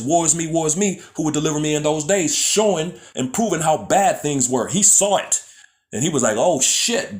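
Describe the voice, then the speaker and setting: Casual preacher man who keeps saying "man". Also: fairly high pitch. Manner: casual, keeps saying "man" and "you know what I'm saying"; restarts and stumbles over words. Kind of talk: street-style scripture teaching.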